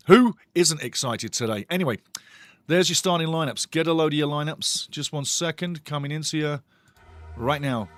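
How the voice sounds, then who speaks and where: A man hosting a live football watch-along stream, chatty and excitable as he greets his chat and reads out the lineups. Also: fairly high pitch, dry recording. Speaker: watch-along show host.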